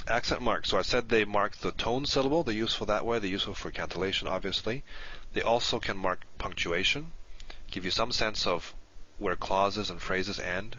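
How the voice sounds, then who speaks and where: A man with a very low, bright-toned voice gives a methodical recorded lecture. He explains each term step by step. The sound is dull and lo-fi. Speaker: language teacher.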